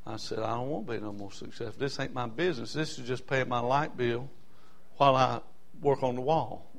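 A male pastor preaching a sermon, fervent and folksy, moving from quiet asides to loud hollering. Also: medium pitch, a little fast, gravelly.

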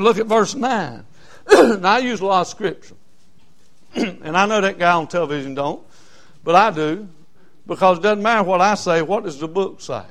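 A man preaching a fervent sermon, repeating himself with many fillers and asking "Amen?". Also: high-pitched.

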